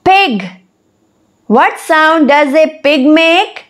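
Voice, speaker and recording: A woman with a high voice teaches young children, her delivery drawn out and very slow. She speaks deliberately, like a lesson narration, and pauses to spell words out letter by letter. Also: expressive, fairly bright tone.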